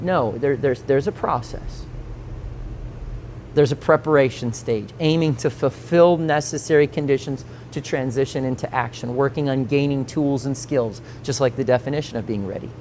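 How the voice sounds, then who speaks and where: A man in his forties, a pastor teaching a conference session, telling stories with lively acted-out quotes and frequent laughter. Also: mid-range voice, moderate pace, slight background noise. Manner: animated storytelling, acts out quoted voices, laughs often.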